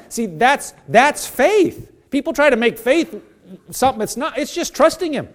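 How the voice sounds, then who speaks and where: A man's voice: very high-pitched, big pitch swings, normal speed. A man preaching a sermon, earnest and exhorting, often repeating phrases and restarting his sentences.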